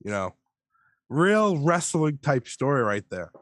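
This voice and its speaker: A podcast co-host who is sick, chiming in with dry, teasing remarks in casual conversation. His pitch swings up and down with energy, and the recording sounds close and dry. His voice sits at a middle pitch for a man. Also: big pitch swings, measured pace, a bit bright, dry recording. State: sick, coughing. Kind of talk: casual chat.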